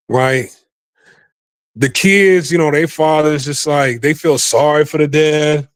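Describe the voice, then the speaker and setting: A man's voice: on the high side, moderate pace, no room sound. A man hosting a podcast, giving rambling, profane casual commentary and repeating himself often. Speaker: podcast host.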